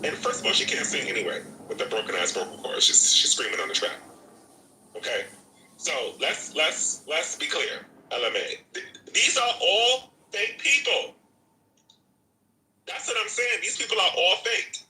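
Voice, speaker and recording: A man's voice: a little high, sing-song, moderate pace, pushed and bright, roomy sound, a little hiss or hum, rough recording. A man hosting a live audio chat room, ranting in a profane, repetitive way. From Jamaica. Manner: profane, repetitive, talks over himself. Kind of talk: animated rant.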